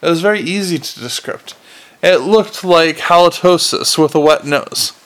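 A man's voice: a little high, lively intonation, moderate pace, a bit bright. A man narrating a novel aloud in a plain, unpolished reading with frequent restarts. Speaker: audiobook reader.

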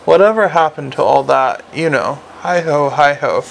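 Narrating a fantasy story for an audiobook, a man with a slightly high voice and vocal fry reads at normal speed, often slipping and restarting words. A little hiss or hum is audible.

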